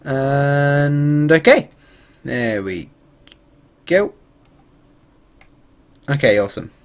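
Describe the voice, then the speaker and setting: Talking extremely slowly in a clean, slightly high voice, a man streams a game and chats casually. He's animated and rambling, and he swears and laughs freely.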